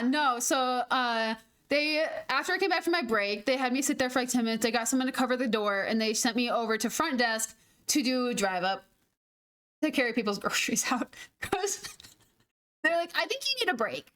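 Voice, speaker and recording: Young girl gamer, high voice, just rambling stories, laughs and cusses a lot. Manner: chatty, animated, laughs and swears freely. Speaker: gaming streamer. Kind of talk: casual storytelling while gaming.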